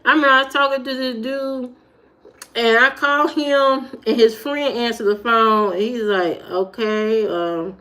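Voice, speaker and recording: A woman from Indiana with an Indiana accent, chatting casually on a livestream and telling stories with animated jumps in her voice; her high voice can sound youthful. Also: a little slow. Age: adult. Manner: animated storytelling, jumps high when retelling. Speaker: livestream host. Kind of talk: casual livestream chat reading comments.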